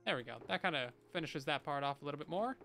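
A man's voice: on the high side, lively intonation, fast talker, vocal fry, bright, forceful tone, soft background music. A man chatting casually and playfully to his viewers while he plays a game on a livestream, with bursts of mock panic. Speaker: streamer. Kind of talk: casual gameplay livestream chat.

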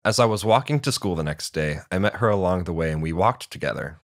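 A man with a very deep voice tells a first-person storybook tale in a steady, measured way. The recording is dry and close, with no room sound. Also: no room sound.

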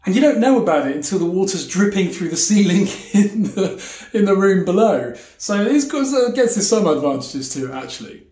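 British male vlogger, chatty and jokey, fairly high voice, roomy bathroom echo. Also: sing-song, moderate pace, dark tone. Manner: chatty, jokey, explains while showing things. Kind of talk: casual explainer vlog. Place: home bathroom. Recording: echoey tiled bathroom.

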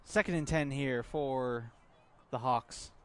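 A man calling youth football play-by-play outdoors at a field, relaxed, with filler words. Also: mid-range voice, takes it slowly, clean tone. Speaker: play-by-play commentator.

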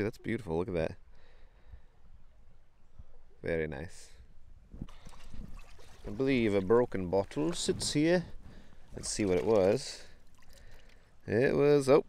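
A man's voice: fairly low pitch, animated, a little slow, pauses often, darkish tone, a little hiss or hum. A man, vlogging outdoors as he wades a creek, talking casually to a handheld camera, easily delighted and laughing often. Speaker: vlogger bottle hunting in a creek.

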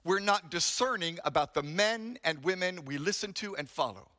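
A man's voice: high-pitched, animated, moderate pace, bright, forceful tone, long reverb tail. A male pastor preaching a sermon, dramatic and emphatic, telling stories to make his point.

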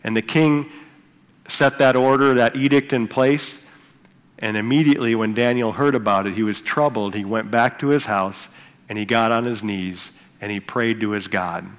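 A man's voice: fairly low pitch, fairly even intonation, moderate pace, long reverb tail. A male pastor preaching a sermon in a conversational way, retelling Bible stories with casual asides to the congregation. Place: church sanctuary.

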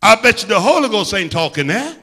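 A man with a Midwestern American accent preaches with fervor, his high, sharply bright voice ringing through a church sanctuary with long reverb. He swings from quiet, intimate asides to full-throated shouting. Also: big pitch swings, a little fast, slightly rough. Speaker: pastor. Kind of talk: sermon.

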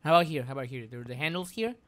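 A woman with a low, rumbling voice talks fast and with lots of energy. She is streaming a video game live, repeating phrases again and again and chatting with her viewers as she plays.

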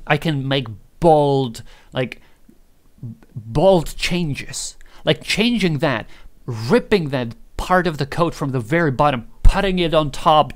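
A man's voice: a little high, fairly bright tone. A man talking loosely through a tutorial, thinking aloud, joking and swearing casually. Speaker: programming tutor. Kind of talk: casual screen-recorded tutorial.

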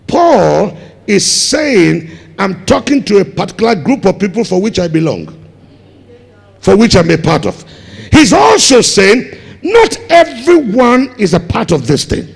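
Ghanaian preacher man shouting in a hall. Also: high-pitched, big pitch swings, unhurried, creaky, husky. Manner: rising to shouted emphasis on key words. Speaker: pastor. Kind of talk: sermon. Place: large church hall. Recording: long hall reverb.

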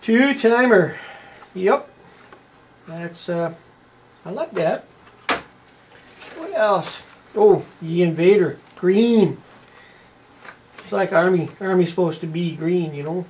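A man's voice: sits high, slow pace, pauses often, darkish tone, a little hiss or hum. A man with a Canadian accent giving casual, rambling unboxing commentary, tagging his lines with "eh" and plenty of "uh". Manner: folksy, rambling, tags lines with "eh". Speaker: toy unboxing presenter.

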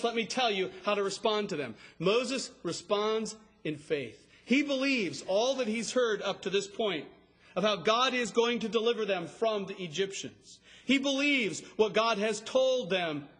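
A man preaching an expository sermon, emphatic and rising to a shout on key words. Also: sits high. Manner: expository, explains scripture line by line. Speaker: pastor.

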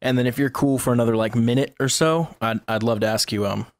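A man's voice: mid-range voice, fairly even intonation, quick pace. A man hosting a podcast, easygoing and laughing along with his guest as he wraps up the interview. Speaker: podcast host. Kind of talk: casual interview.

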